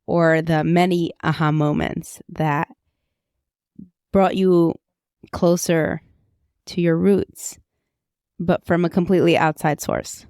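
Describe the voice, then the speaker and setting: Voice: medium pitch, fairly even intonation, slow pace, long pauses, darkish tone, no room sound, studio quality. A podcast host asking a guest hesitant, searching questions. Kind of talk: interview questions.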